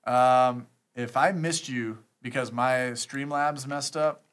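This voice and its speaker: A man's voice: medium pitch, measured pace, hardly any pauses, a bit bright. A man hosting a live stream, chatting casually and reading out thanks to supporters. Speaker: streamer scambaiting host.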